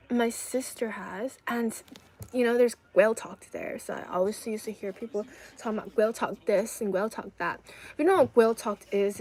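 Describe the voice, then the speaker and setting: Chatting casually on a live stream, a young Chinese woman rambles along and reads viewer comments out loud. Her voice is fairly high, slightly mellow and husky, and the recording quality is low.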